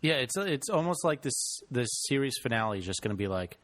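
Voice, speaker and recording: A man's voice: mid-range voice, very animated, fairly quick, fairly bright tone. A man co-hosting a podcast, trading dry, wry remarks in casual chat. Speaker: podcast co-host.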